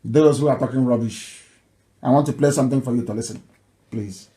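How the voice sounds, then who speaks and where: A man hosting a live radio talk, emphatic and repetitive, sometimes rising to near shouting. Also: mid-range voice, brisk, reverberant. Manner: emphatic, repeats phrases, rises to near shouting. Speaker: radio broadcaster.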